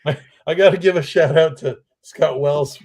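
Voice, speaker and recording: A man's voice: on the high side, moderate pace, a little mellow. A man appearing as a guest brewmaster, chatting casually and laughing as he talks. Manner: amused, laughing while talking. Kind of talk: casual chat.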